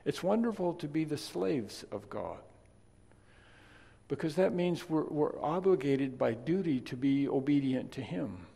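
A man preaching a sermon, chatty in his asides and then emphatic and loud on key points. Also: fairly high pitch, expressive, unhurried, gravelly, slightly rough. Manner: conversational, swings from quiet asides to emphatic loud stresses. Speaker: pastor. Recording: long reverb of a large hall.

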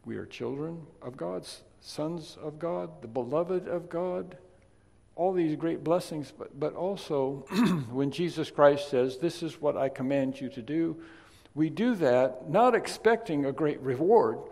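Male preacher, gravelly, talky asides rising to forceful emphasis, in a reverberant hall. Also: a little high, unhurried. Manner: conversational, swings from quiet asides to emphatic loud stresses. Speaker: pastor. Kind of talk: sermon. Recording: long reverb of a large hall.

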